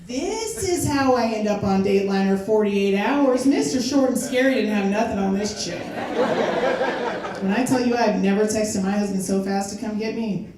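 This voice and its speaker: A woman's voice: medium pitch, noisy background. An older woman performing stand-up, chatting her way through stories with little laughs and hesitations. Her voice sits in a middle range and is caught from a distance, ringing through a very echoey venue. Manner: conversational storytelling with fillers and laughs. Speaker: stand-up comedian. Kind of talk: stand-up comedy set. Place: live comedy venue.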